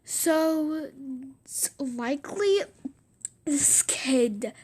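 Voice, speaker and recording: Woman, casual storytime narration, rambling, repetitive, whispered asides, high voice, slow delivery. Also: lively intonation, darkish tone. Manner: rambling and repetitive, restarting sentences.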